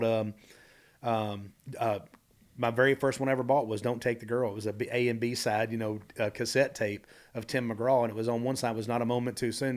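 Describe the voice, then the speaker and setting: A man guest on a podcast, telling candid stories from his life in a rambling, animated way with many asides. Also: medium pitch. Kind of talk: candid storytelling conversation.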